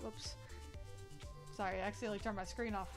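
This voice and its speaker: A woman's voice: medium pitch, little pitch movement, brisk, over music. A young woman chatting casually at home while she draws on stream, rambling, laughing often and swearing freely. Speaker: art streamer. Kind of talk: casual chat while drawing.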